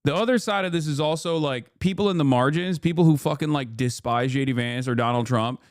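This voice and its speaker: A man's voice: on the high side, a little fast, dry recording, clean studio sound. A man in his thirties streaming political reaction commentary, ranting in profane, incredulous bursts. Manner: incredulous, profane, emphatic rants.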